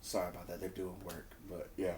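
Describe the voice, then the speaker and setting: A man giving a casual spoken review of a wrestling show. He talks loosely, repeats words and restarts, and acts out quotes in a higher voice. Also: flat delivery, a little fast, heavy background noise. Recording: roomy echo.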